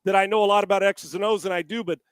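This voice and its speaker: A man co-hosting a casual sports talk show, animated and profane, often stammering and restarting his sentences. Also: high-pitched, very fast, smooth, no room sound. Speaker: sports analyst co-host.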